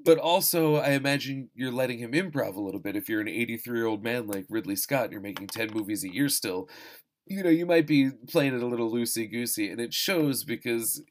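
A man talking casually about films as host, loose and rambling, with frequent restarts and salty language. He pokes fun at himself as he goes, stacking quick asides on top of each other. His voice sits at an ordinary middle pitch. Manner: rambling, self-deprecating, profane, quick asides. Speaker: podcast host reviewing films. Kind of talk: casual chat.

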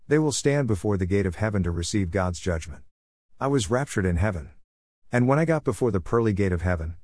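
A man's voice: low-pitched, darkish tone, no echo, clean studio sound. A man preaching an earnest, solemn sermon testimony about a vision of heaven.

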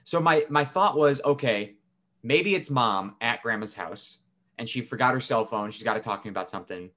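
A man's voice: mid-range voice, moderate pace, sharp tone. A young man co-hosting a podcast, telling a family story in a casual, swearing, laughing way. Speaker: podcast co-host.

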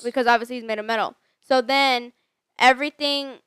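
A woman's voice: fairly high pitch, fairly even intonation, fairly quick, a bit bright, clear, resonant tone, no echo. A woman in casual chat, filling in plot details of a movie as she talks it over with a friend. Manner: chatty, fills in plot details. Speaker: movie recap co-host.

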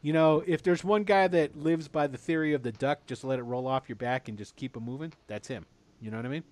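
A man's voice: a little high, a little fast, darkish tone, no room sound. A man narrating as game master in loose, casual storytelling.

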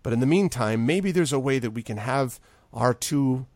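A man's voice: medium pitch, lively intonation, moderate pace, a little mellow, no room sound, pitched above the performer's own voice, natural voice. A man voicing a weary, earnest male innkeeper who was made mayor in a tabletop game.

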